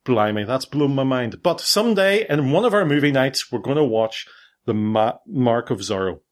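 Rambling dad hosting a podcast. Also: male voice, mid-range voice, big pitch swings, normal speed. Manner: rambling, self-correcting, playful. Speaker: podcast host. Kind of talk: casual family podcast chat.

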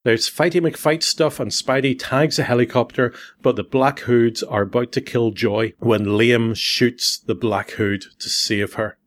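A man's voice: medium pitch, fairly even intonation, measured pace, few pauses. A middle-aged man with a Northern Irish accent, hosting a podcast and summing up a comic with wry, joking asides. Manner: wry, jokey, then earnest. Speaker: podcast host. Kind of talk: casual chat, comic synopsis.

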